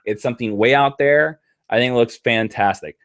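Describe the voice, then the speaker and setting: A man's voice: medium pitch, moderate pace. A man hosting a casual live stream chat, talking with enthusiasm. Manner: enthusiastic, animated.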